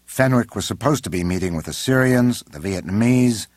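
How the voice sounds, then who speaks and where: A man's voice: on the low side, animated, normal speed, a little mellow, no echo, clean studio sound, pitched above the performer's own voice, close to an everyday voice. A man doing a brusque older president. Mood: indignant. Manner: brusque, raised voice, exasperated. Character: irritable older male president, commanding.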